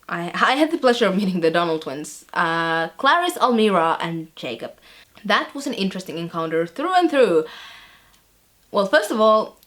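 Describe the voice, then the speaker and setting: A woman's voice: medium pitch, very animated, normal speed, a bit bright. A young woman playing a chatty teenage girl tutor who recounts her week with wry amusement, with fillers along the way. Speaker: vlogger. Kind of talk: scripted vlog-style monologue.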